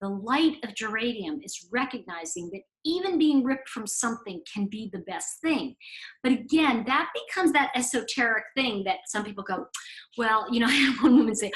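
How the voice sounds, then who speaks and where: A woman's voice: a little high, animated, moderate pace, a bit bright, low-quality recording. A woman giving a casual spiritual lesson, talking conversationally and acting out bits of dialogue with emphatic swings. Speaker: spiritual teacher and oracle card author. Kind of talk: casual teaching talk.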